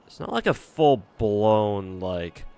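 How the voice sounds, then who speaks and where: A man's voice: fairly low pitch, big pitch swings, takes it slowly, mellow, smooth, faint music behind. A man streaming a game, rambling casually and swearing freely as he reacts. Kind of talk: casual gameplay commentary.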